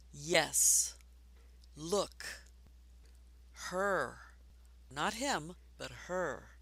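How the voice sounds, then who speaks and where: A woman teaching a basic reading lesson for adults, patient and encouraging, speaking slowly and clearly. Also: sits low, expressive, a bit bright, no room sound.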